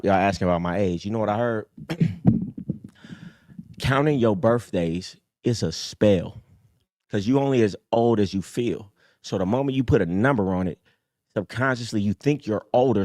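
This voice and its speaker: A man in his thirties hosts a live call-in show in a casual livestream style, with a low voice and a streetwise, preachy manner. He sinks into quiet mutters, then leaps up high to hammer a point home. The sound is dry and close, with no echo or room around it.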